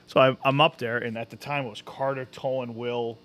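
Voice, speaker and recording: A man's voice: medium pitch, steady tone, a little fast, a bit bright. A man co-hosting a casual podcast, telling a long profane story and acting out the other people in it. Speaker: podcast co-host. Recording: faint background noise.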